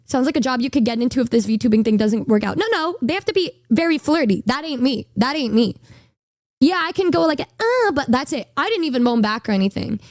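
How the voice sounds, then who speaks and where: A woman's voice: sits high, animated, quick pace, few pauses, a little mellow, no echo, studio quality. A woman in her twenties, a streamer telling a story in casual chat, rambling and stammering with a bashful, giggly manner.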